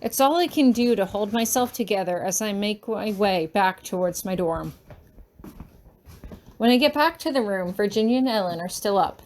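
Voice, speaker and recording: A woman's voice: medium pitch, lively intonation, normal speed, darkish tone. A woman reading a first-person fan story aloud, emotional and urgent, with a shaky voice in tense moments. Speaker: fanfiction reader.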